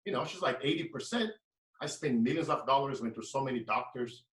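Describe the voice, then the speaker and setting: A man's voice: mid-range voice, animated, fairly quick, a bit bright. A man, giving a preaching, emphatic motivational talk as a guest speaker. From Brazil. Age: late 30s. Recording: echoey room, mic at a distance.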